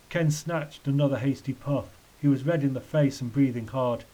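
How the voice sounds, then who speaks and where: A man's voice: medium pitch, normal speed, hardly any pauses, warm tone, rough recording. Man reading a children's story. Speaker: narrator.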